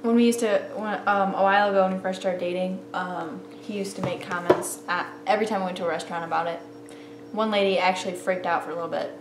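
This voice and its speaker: A woman's voice: lowish voice, fairly even intonation, quick pace. A young woman chatting on a couple's vlog, giggly and talkative. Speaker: vlogger. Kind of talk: casual chat. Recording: echoey room with audible noise.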